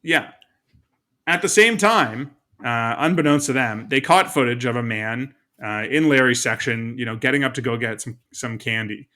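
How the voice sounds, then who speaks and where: A man co-hosting a podcast in a casual, chatty way. His voice is bright and forward, and he walks through episode recaps with easy laughs. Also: medium pitch, moderate pace. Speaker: podcast co-host. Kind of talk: casual chat.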